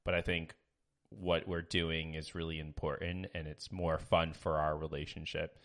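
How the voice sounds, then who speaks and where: A man's voice: a bass voice, little pitch movement, normal speed, fairly bright tone. A man co-hosting a podcast, chatting casually and hesitantly with many fillers, reading listener reviews aloud. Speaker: podcast co-host. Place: small home studio.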